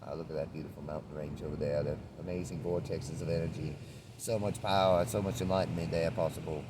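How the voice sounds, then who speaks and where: A man's voice: very deep voice, fairly even intonation, fast, noisy background. A man rambling in a laid-back spiritual monologue while traveling, swearing now and then. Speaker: traveling vlogger. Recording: outdoor street recording from a distance.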